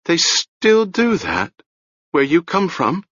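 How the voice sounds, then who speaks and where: A man putting on a hoarse, haunted old woman. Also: big pitch swings, takes it slowly, fairly bright tone, no room sound, muffled recording, full character voice. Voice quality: hoarse, shrill. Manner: pleading, rambling, fearful. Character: ragged old woman, half-mad, haunted.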